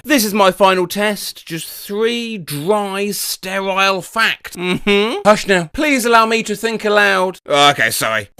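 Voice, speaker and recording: Man, comedy host, bright forceful tone, very lively pitch, loud bursts and dry mumbles. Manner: animated, jumps between loud outbursts and dry mumbles. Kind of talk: comic sketch and reading out funny quotes.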